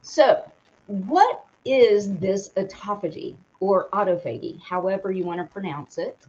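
A woman's voice: mid-range voice, lively intonation, takes it slowly, darkish tone, slight background noise. A woman co-hosting a live show, reading product details aloud, tripping over hard words and laughing at herself. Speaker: co-host reading a sponsor segment. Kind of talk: casual live-stream talk. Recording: dull lo-fi stream audio.

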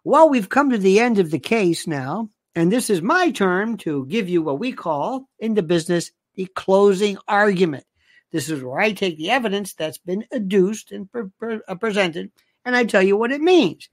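A man's voice: high-pitched, expressive, moderate pace, no echo, clean studio sound. A man hosting a livestream, talking in a casual, sardonic way and often dropping to a near-whisper. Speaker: livestream host. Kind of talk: casual commentary.

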